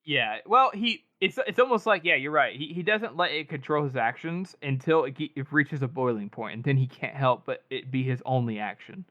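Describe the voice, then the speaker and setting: A man co-hosting a podcast, casually retelling scenes from a book with quick quoted lines and laughs. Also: medium pitch, sharp tone, highs cut off. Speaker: podcast co-host. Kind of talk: casual book-discussion chat.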